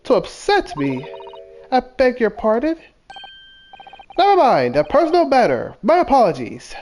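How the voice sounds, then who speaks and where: A man's voice: very high voice, huge pitch swings, measured pace, a little mellow, a little hiss or hum, pitched above the performer's own voice, heavily acted. A man voicing a refined, mannered English lady client, reading game dialogue aloud with dramatic pleading. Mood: pleading, genteel.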